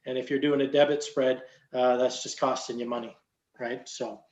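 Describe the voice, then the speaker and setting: A man's voice: mid-range voice, level tone, normal speed, reverberant. A man coaching stock trades in casual chat, explaining in a loose way with many fillers. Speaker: trading coach.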